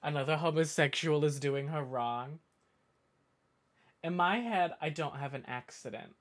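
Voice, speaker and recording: A man's voice: on the high side, measured pace. A man from the northeastern US chatting casually on a live stream, reading viewer comments and drifting off on tangents. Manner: rambling, talks in tangents with many self-corrections.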